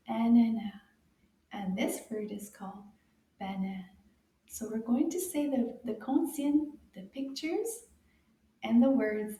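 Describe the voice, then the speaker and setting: A woman runs a French lesson for young children in a slow, unhurried rhythm. She is bright and coaxing, and she says each word loudly so the kids can echo it back. Her voice rings a little, as if she is recording in an echoey room. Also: a little high.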